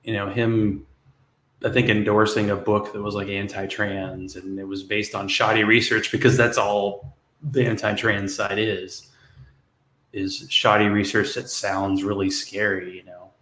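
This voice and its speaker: Low-voiced rambling man in an echoey room. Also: level tone, measured pace. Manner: rambling, hedging, with soft laughs. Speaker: podcast co-host. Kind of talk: casual podcast chat.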